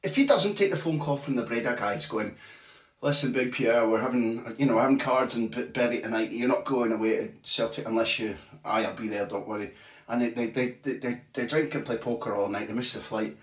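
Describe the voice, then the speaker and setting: A football journalist with a medium-pitched voice tells a brisk, animated story on a casual podcast, swearing freely, often restarting sentences and acting out what others said. He's on a remote call from a small bathroom at home, off-mic, with echoey room sound.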